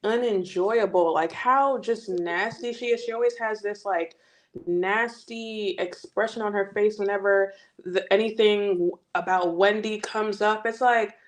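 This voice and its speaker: A woman in a casual reality-show recap chat, animated, with mocking exclamations. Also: medium pitch, measured pace.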